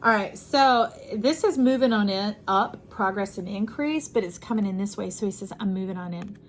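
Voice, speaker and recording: A woman's voice: mid-range voice, normal speed. A woman giving an intuitive tarot reading, speaking expressively and repeating phrases for emphasis. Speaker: tarot reader.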